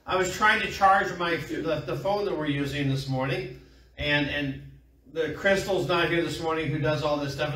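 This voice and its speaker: Middle-aged guy preaching casual and folksy, bright voice, far off in a very echoey room. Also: fairly high pitch. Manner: folksy storytelling with congregation call-and-response. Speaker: pastor. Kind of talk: sermon. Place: small church room.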